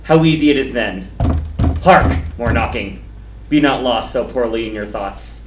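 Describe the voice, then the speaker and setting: A ruthless, scheming noblewoman, played by a young actor in a school play. She speaks in forceful, commanding declamation. The recording is roomy, with a steady hiss. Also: mid-range voice, measured pace, natural voice. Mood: scornful. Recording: echoey, noisy stage recording.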